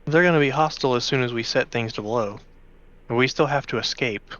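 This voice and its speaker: A man's voice: mid-range voice, brisk, a bit bright, muffled recording. A man playing a tabletop game, talking casually and hesitantly, in and out of character. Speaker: player.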